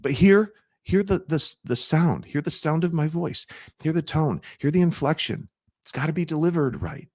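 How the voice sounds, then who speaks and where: A middle-aged man teaching a sales training, asking his audience questions and acting out soft-spoken sales lines. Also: fairly high pitch, animated, normal speed.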